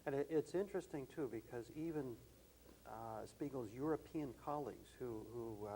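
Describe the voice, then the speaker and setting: An older man being interviewed, recalling past colleagues in a thoughtful, measured way. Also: medium pitch, warm tone, a little hiss or hum, low-quality recording. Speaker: interview guest. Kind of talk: reminiscing conversation.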